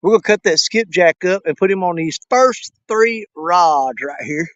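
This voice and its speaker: A man with a high voice talks to his viewers in an easy, folksy way while he works outdoors by the river. He sounds a bit out of breath from hauling gear. The camera mic is dull and lo-fi, and his voice sounds close and dry. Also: animated, normal speed, a bit bright, dry recording. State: out of breath from walking. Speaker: fishing vlogger. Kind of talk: casual outdoor vlog.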